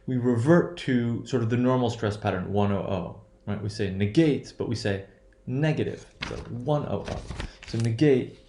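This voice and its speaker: A man teaching English pronunciation in a lecture. He explains patiently and repeats each word slowly to model the stress. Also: medium pitch, steady tone, darkish tone, echoey room, a little hiss or hum. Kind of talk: classroom lecture.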